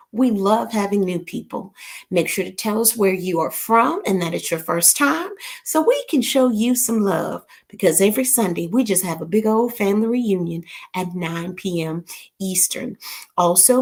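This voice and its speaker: A middle-aged woman hosting a casual live stream, playful and chatty, greeting her viewers by name. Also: mid-range voice. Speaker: livestream host. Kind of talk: casual livestream chat.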